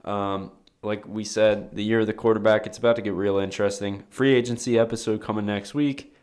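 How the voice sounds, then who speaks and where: A man's voice: fairly low pitch, fairly even intonation, brisk, a little mellow. A young man co-hosting a sports podcast, giving blunt, dismissive opinions in casual chat. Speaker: podcast co-host.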